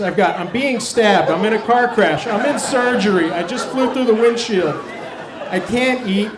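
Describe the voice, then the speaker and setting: Male storyteller, middle-aged, self-mocking, drops quiet and low at painful moments; stage mic. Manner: wry, self-mocking, dropping low and quiet on hard parts. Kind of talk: live personal storytelling. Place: stage before a live audience. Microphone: stage microphone.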